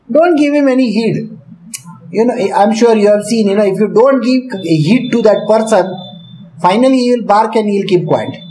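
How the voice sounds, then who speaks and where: A man's voice: high-pitched, darkish tone, rough recording. A man gives a spiritual discourse, talking to his listeners in a chatty way and often asking them questions. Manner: conversational, often asks the listeners questions, laughs while teaching. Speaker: spiritual teacher.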